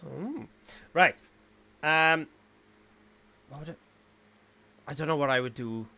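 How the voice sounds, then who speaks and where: Guy hosting a chat, stumbly questions, slightly high voice. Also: takes it slowly, pushed and bright. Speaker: podcast host. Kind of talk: casual chat.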